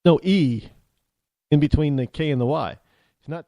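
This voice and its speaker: An American man hosts his show with an opinionated monologue that stops and restarts often. His voice sits a touch high and swings widely in pitch. The recording is dry and close. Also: sing-song, mellow, dry recording. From United States. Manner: rambling, halting, with many restarts. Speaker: talk show host.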